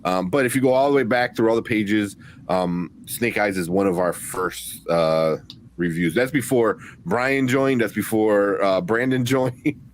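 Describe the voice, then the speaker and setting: A man's voice: lowish voice, a little slow, slight background noise. A man co-hosting a live movie review show, talking casually and rambling with many restarts and fillers. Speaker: podcast co-host.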